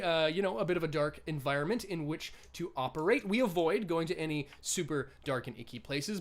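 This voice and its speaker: Man, stream host, game master, talkative, filler-heavy, slightly high voice. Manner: chatty, many fillers and restarts. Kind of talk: livestream host announcements.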